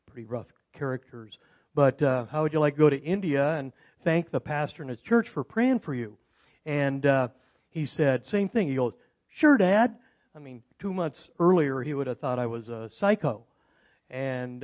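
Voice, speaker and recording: A middle-aged man recounts a personal story to a club audience. His voice sits at an ordinary middle pitch. He rambles through fillers and restarts, and gets louder and more excited at the surprising moments. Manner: grows loud and excited when recounting surprises. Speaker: speaker at a club meeting.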